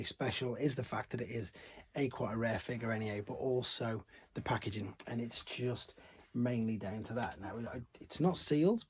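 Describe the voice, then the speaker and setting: A man's voice: mid-range voice, a little mellow, a little hiss or hum. A man chatting casually about a collector's toy, rambling with many fillers and restarts. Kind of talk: casual unboxing chat.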